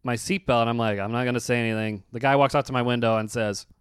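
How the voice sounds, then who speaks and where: A young adult man chatting casually on a podcast, telling animated stories, laughing often and acting out other people's voices. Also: mid-range voice, fast, clean tone, no echo, clean studio sound. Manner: animated storyteller, laughs a lot, acts out quoted voices.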